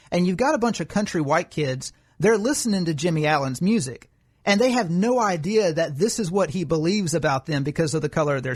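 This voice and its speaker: A man co-hosting a political commentary podcast, explaining his views at length in an argumentative way. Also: a little high. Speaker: podcast co-host.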